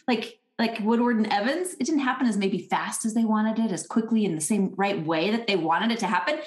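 A woman co-hosting a podcast in casual chat, animated and acting out little quoted thoughts. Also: medium pitch, brisk, reverberant. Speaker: podcast co-host.

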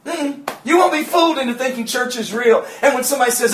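A man with a drawl preaches a sermon, acting out the people in his stories and rising to shouts. His voice sits high, and the church room around him rings with echo. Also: fast, slight background noise. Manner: animated storytelling, acting out quotes and shouting at peaks. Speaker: pastor. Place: church sanctuary.

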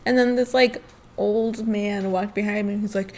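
A woman's voice: a little high, normal speed, darkish tone. A woman co-hosting a casual podcast who laughs often and talks in a chatty way full of fillers. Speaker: podcast co-host. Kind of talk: casual chat.

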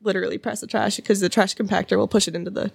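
A woman's voice: medium pitch, steady tone, rapid-fire, vocal fry, breathy edge. A young woman co-hosting a casual chat podcast, telling rambling stories with lots of fillers and restarts, giggling as she goes. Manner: giggles through her stories. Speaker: podcast co-host.

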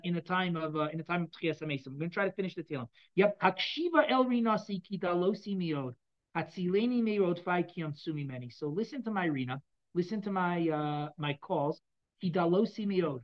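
A woman's voice: on the low side, highs cut off. A woman teaching a text lesson to a class, explaining and often asking the students if they follow. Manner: explanatory, asks the class questions. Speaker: Torah teacher.

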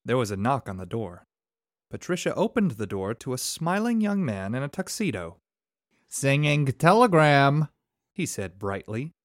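A man reads a story from his home with a lively, expressive voice that rises and falls a great deal across each sentence. His voice sits in an ordinary middle register, recorded dry and close with no room sound. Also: medium pitch, moderate pace, no echo. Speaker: story reader and podcast engineer. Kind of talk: scripted narration.

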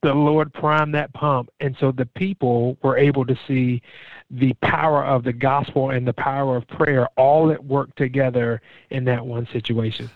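A middle-aged man from Florida, a pastor, telling his faith stories in an earnest, animated way in a conversational interview. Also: normal speed, no room sound. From Jacksonville, Florida. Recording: dull, dry low-fi sound.

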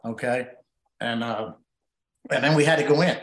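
A man's voice: medium pitch, moderate pace, fairly bright tone. A middle-aged man, a tournament angler, telling a long emotional story with many fillers and restarts in an interview. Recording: roomy echo.

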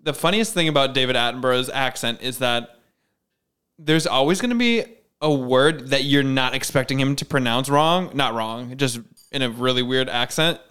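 A young man co-hosting a podcast in casual chat, playful and quick to laugh, with jokey asides. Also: medium pitch, a bit bright, clear, resonant tone. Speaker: podcast co-host.

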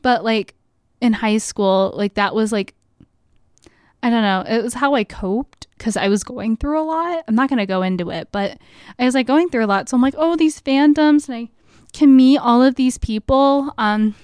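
A woman's voice: fairly high pitch, moderate pace, darkish tone, smooth, no echo, studio quality. Chatty young woman rambling with "like". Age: young adult. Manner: chatty, filler-heavy with frequent "like", laughs often. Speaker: podcast host. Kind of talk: casual rambling monologue. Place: college radio studio.

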